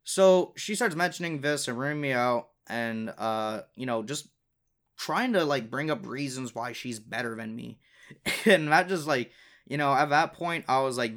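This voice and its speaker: A man's voice: mid-range voice, moderate pace, a bit bright. A young man hosting his own podcast, telling a personal story in a casual, profane, exasperated way, with frequent laughs between lines. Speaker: podcast host.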